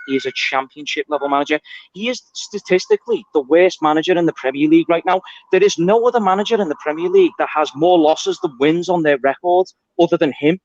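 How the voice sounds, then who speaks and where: High-voiced man ranting on a dull line. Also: fast, darkish tone, dry recording. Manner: insistent, ranting, keeps saying mate. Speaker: caller. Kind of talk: heated phone-in rant.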